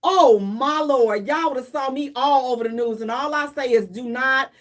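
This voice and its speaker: High-pitched lady co-host, dramatic storyteller, acts everything out. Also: normal speed. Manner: dramatic, expressive, acts out her own panic. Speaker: radio show co-host. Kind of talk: animated storytelling chat.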